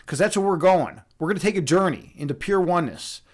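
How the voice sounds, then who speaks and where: A young man with a high, animated voice talks quickly as he hosts a casual livestream. He is both a streamer and a meditation instructor, and he rambles through jokes and absurd tangents with plenty of fillers and restarts.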